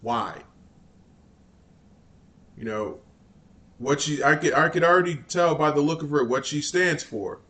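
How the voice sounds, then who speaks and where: A man's voice: on the high side, measured pace, long pauses, a bit bright. Exasperated male political commentator. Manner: exasperated, scornful, rambling with restarts.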